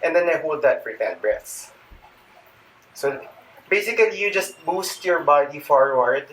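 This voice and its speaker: This man, a fitness vlogger with a Filipino accent, sounds animated and a bit bright, with a voice on the high side and a slightly slow delivery. He shows a yoga stretching routine, chatting, joking, and breathing a little hard. A faraway mic catches faint background noise.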